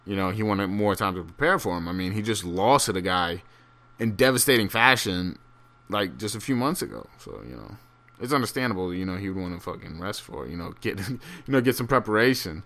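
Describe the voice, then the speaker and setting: A man's voice: low voice, lively intonation, brisk, fairly bright tone. A man rambling through a casual, profane solo monologue with many fillers and restarts, turning incredulous and ranting at times. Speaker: solo fight commentator.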